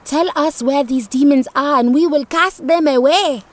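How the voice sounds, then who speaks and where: A woman voicing a fierce male shaman who proclaims loudly and forcefully in a storybook audiobook. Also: high voice, normal speed, voice pushed up, close to an everyday voice. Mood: proclaiming.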